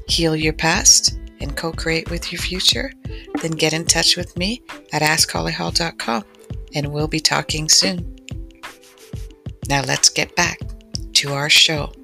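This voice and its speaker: A woman hosting a podcast as a spiritual coach, speaking in a slow, gentle, inviting way and reading a story aloud. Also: low voice, vocal fry, faint music behind. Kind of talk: soft-spoken podcast talk and story reading.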